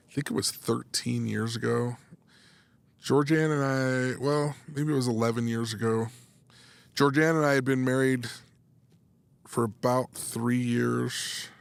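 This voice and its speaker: A man's voice: medium pitch, vocal fry, smooth, no room sound. A man in his thirties, a sports psychology coach, telling a story in a casual podcast interview, restarting phrases and acting out dialogue as he goes. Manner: animated, restarts phrases, acts out quoted dialogue.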